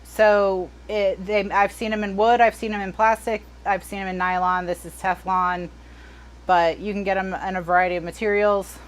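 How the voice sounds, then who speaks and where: A woman's voice: mid-range voice, fairly even intonation, moderate pace. An American woman hosting a live crafting stream, chatting casually and wryly, trailing off and restarting as she works. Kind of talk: casual chat while crafting.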